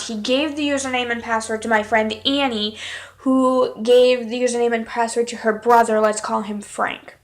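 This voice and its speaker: A woman's voice: fairly high pitch, steady tone, normal speed. A woman vlogger telling a personal story in a candid, exasperated way, with blunt swearing. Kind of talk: casual story time.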